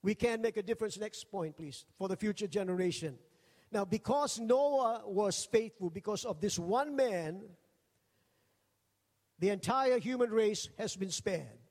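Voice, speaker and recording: A high-pitched man preaching from the pulpit, telling funny stories with lively energy. His voice rings out with a long hall reverb around it. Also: unhurried. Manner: jokey, animated, acts out quoted voices. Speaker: pastor. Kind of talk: humorous storytelling sermon.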